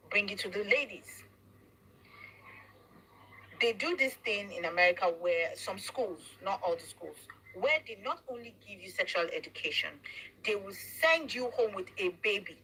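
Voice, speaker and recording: A woman's voice: mid-range voice, lively intonation, normal speed, bright, forceful tone, breathy edge, poor audio. A woman hosting a casual talk show, speaking emphatically and preaching her point, slipping into Yoruba phrases. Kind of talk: casual commentary chat.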